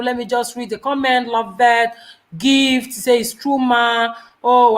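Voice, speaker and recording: A middle-aged woman talks to her live viewers, earnest and preachy, with pidgin phrases slipping in. Her voice sits high. The room around her rings with echo. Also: a bit bright. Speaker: host of a live video. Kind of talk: live-stream chat, giving advice.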